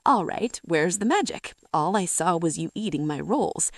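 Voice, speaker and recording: A skeptical baker, gruff and doubtful, as a woman puts him on. His voice moves in a lively way. The sound is close and dry. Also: on the low side, normal speed, no room sound. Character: skeptical male bakery owner.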